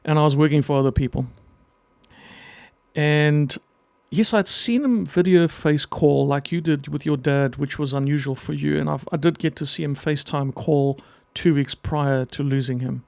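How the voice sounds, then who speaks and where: A middle-aged man with a slightly high, gravelly voice records an emotional personal message, speaking earnestly with halting pauses. The sound is dry and close, with no room echo. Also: steady tone, darkish tone. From half Greek. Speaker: vlogger and children's book writer.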